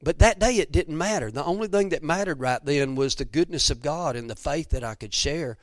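A middle-aged man from Georgia with a Southern accent, preaching in an emphatic, folksy storytelling style that drops at times to soft near-whispers. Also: fairly high pitch, brisk, no room sound, clean studio sound. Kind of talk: sermon storytelling.

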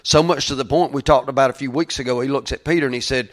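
A man, preaching a conversational sermon full of restarts, building to louder passionate peaks. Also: medium pitch, steady tone, quick pace. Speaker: pastor.

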